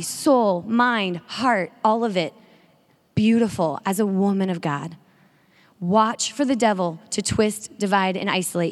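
A woman giving an energetic sermon-style talk to a women's audience, drawing call-and-response. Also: medium pitch. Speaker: speaker at a women's faith event. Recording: long reverb of a large hall.

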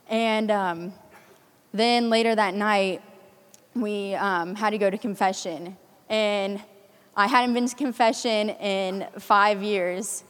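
A woman's voice: medium pitch, clear, resonant tone. An eighteen-year-old woman from the Kansas City area giving an earnest personal faith testimony to a youth conference crowd, chatty and full of ums. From Kansas City area, US Midwest. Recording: long hall reverb.

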